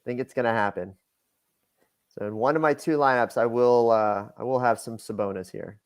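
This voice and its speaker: Male co-host, mid pitch, loose and chatty picks analyst. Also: a little fast. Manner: loose, rambling, with fillers and laughs. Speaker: co-host, sports betting analyst. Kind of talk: casual livestream analysis.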